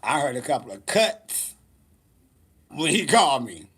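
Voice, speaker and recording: Sassy, lively man vlogging. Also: medium pitch, a little slow, slightly rough. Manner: sassy, animated, laughs often. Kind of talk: casual storytelling vlog.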